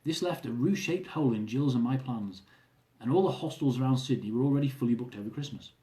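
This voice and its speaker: A man reading his own travel memoir aloud in a lively, amused storytelling manner, often chuckling. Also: medium pitch, fast, echoey room.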